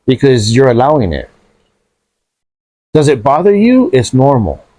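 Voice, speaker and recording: A man chatting casually on a podcast, animated and profane, dropping bro and dude often. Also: medium pitch, unhurried, dry recording.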